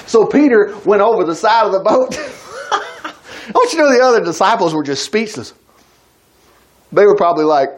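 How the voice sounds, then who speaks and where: Animated high-voiced male preacher. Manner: folksy, conversational asides to the congregation; animated, breaks into acted quotes. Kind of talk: sermon, reading and commenting on scripture.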